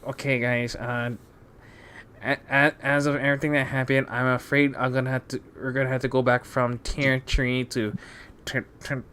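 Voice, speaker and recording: A man's voice: medium pitch, flat delivery, moderate pace, bright, forceful tone, smooth. A man hosting a casual gaming podcast, stammering and repeating words. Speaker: podcast host. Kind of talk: casual chat.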